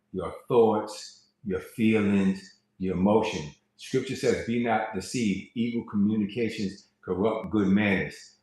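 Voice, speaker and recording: Conversational man preaching in an echoey room. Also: fairly low pitch. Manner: conversational, repeats words when starting a thought, quotes scripture. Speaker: preacher hosting an online live stream. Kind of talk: casual preaching to a live online audience.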